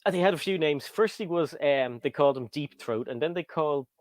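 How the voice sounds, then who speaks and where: A British man hosts a casual livestream chat, rambling and reading viewer comments aloud. His voice sits on the high side, with lively intonation, and he talks fast.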